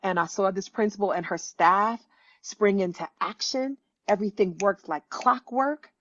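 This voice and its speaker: A woman in her fifties, an author and educator, telling a story as a guest with lively restarts. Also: moderate pace, no room sound, highs cut off. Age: 50s. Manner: animated, acts out quoted voices with pitch jumps, many restarts. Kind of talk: conversational storytelling.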